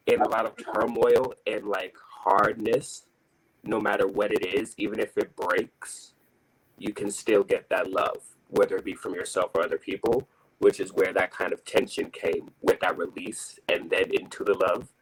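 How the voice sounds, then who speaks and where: A man who sings in a choir explains how his group built their choreography, speaking thoughtfully and haltingly over a video call. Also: sits low, husky, low-quality recording. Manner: thoughtful, halting, many fillers. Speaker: choir singer. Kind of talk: casual reflective explanation.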